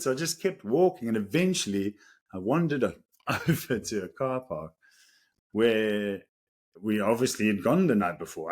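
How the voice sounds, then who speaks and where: A man's voice: mid-range voice, normal speed, breathy edge. A South African man in his thirties, a podcast co-host telling a story casually, laughing often as he goes. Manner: animated, laughs through the story.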